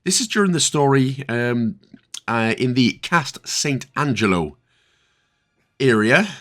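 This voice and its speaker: Chatty Northern Irish man, lively pitch. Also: slow pace. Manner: chatty, with jokey asides and mock exasperation. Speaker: video game guide creator. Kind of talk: casual gameplay walkthrough commentary.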